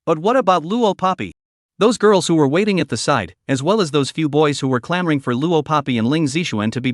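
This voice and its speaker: A man narrating a story recap in a steady reading voice with stiff, literal phrasing. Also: a little high, dry recording, clean studio sound.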